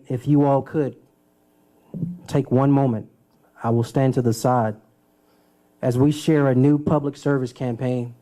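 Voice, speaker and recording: A man, a city mayor, giving a solemn, measured speech at a press conference. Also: medium pitch, warm tone.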